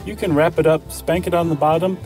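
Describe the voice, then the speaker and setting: A man's voice: on the high side, fairly even intonation, brisk, a little mellow, soft background music. A man co-hosting a casual podcast, chatting enthusiastically and rambling with restarts. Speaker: podcast co-host. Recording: dry close studio mic.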